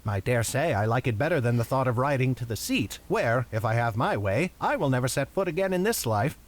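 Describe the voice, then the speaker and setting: A man voicing a high-pitched, alarmed young noblewoman. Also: animated, fairly quick, close to an everyday voice. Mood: resolute.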